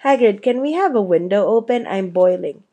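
Woman voicing anxious young schoolboy, direct questions, mellow tone. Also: medium pitch, lively intonation, moderate pace.

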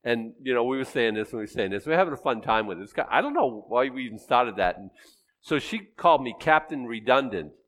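This sixty-something pastor has a medium-pitched, expressive, slightly bright voice and a brisk delivery. His sermon feels like conversation, with questions for the congregation and self-deprecating jokes.

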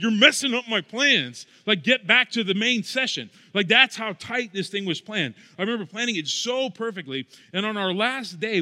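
A young man gives a sermon from the pulpit, telling stories in a relaxed, self-mocking way. His voice sits high and sounds bright and forceful. A long hall reverb hangs behind every phrase. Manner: conversational, self-deprecating storytelling. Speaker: pastor. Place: church sanctuary.

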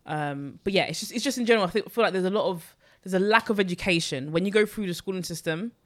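Fast-talking London woman, lively storyteller. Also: lowish voice. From East London. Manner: animated storyteller, rapid bursts with sudden slow emphasis. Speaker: podcast guest, personal finance creator. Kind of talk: casual chat.

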